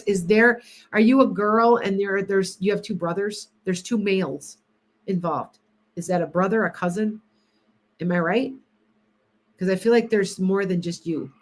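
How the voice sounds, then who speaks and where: A woman hosting a casual psychic livestream, chatting with viewers by name and often restarting her sentences. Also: mid-range voice.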